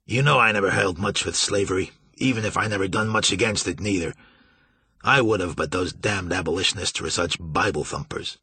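A man putting on a stubborn riverboat captain with a husky, low voice, pushing hard on his rough folksy words. He sounds loud and forceful in a storybook reading, and the recording is dry and close. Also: fairly quick, dry recording, heavily acted. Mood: earnest. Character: gruff stubborn male riverboat captain, middle-aged.

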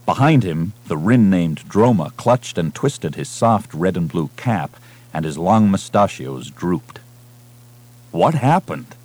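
A man with a fairly low voice reads a science-fiction novel aloud as an audiobook narrator. His delivery is measured and dramatic, built for storytelling. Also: expressive, a little mellow. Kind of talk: scripted narration.

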